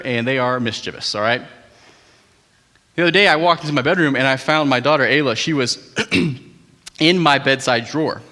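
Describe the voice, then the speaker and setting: A young man preaching a sermon as pastor, telling family stories in a conversational, animated way with asides to the congregation. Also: medium pitch. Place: large church auditorium. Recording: hall reverb.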